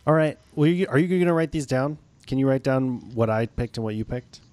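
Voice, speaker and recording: A man's voice: mid-range voice, a little fast, darkish tone, dry recording. A man co-hosting a casual sports podcast, joking and laughing often, loose and a little profane. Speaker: podcast co-host.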